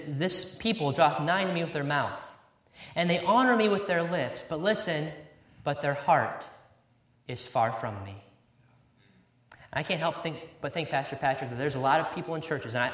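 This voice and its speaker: A man's voice: a little high, animated, normal speed, fairly bright tone. A man preaching a sermon with emphasis, repeating key words and quoting scripture in old-fashioned wording. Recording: roomy echo.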